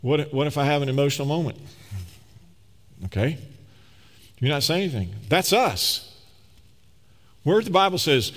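A man's voice: fairly high pitch, lively intonation, moderate pace, pauses often. Conversational preacher man in a reverberant hall. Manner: conversational, emphatic preaching with acted-out quotes. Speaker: pastor. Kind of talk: sermon.

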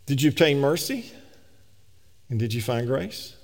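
A man preaching a sermon, swinging between emphatic raised peaks and slow, low scripture reading. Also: big pitch swings, vocal fry. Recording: long reverb of a large hall.

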